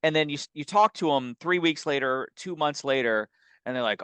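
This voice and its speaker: A man's voice: medium pitch, fairly quick, smooth, no echo. A man co-hosting an insurance sales podcast, talking casually and animatedly, mimicking what clients say. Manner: animated, quotes clients in put-on voices.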